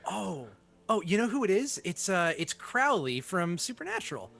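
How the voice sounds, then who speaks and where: A man's voice: high-pitched, big pitch swings, normal speed, vocal fry, fairly bright tone. A man co-hosting a game stream, joking and laughing playfully. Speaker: co-host, community manager. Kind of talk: casual gameplay chat.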